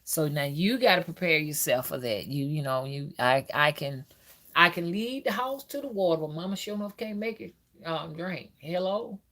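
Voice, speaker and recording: A woman's voice: deep voice, lively intonation, normal speed, fairly bright tone. A woman hosting a casual spiritual live stream, talking loosely with many fillers and reading out viewer comments.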